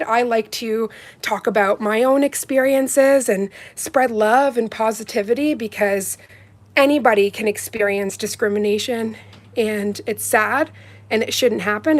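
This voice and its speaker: A woman with a fairly high voice, hosting a casual livestream from her home. She talks warmly and heartfelt to her viewers, gushing over each one by name as she reads their comments. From Canada. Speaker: livestream host reviewing nail polish.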